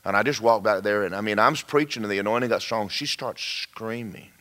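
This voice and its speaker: A man preaching a storytelling sermon, folksy and animated, with joking asides and sudden shouts. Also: fairly low pitch, a little fast.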